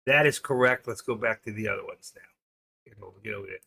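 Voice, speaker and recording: A man's voice: lowish voice, fast, creaky, pushed and bright, breathy edge. A man in his sixties hosting a live stream, chatting in a rambling, opinionated way and reading off market numbers. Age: 60s.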